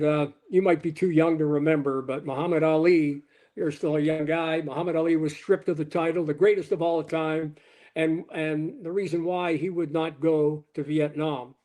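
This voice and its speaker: Older male guest, high-pitched, animated storyteller. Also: normal speed. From Canada. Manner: animated anecdote teller, quoting people in his stories. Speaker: sportscaster guest. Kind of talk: storytelling in an interview.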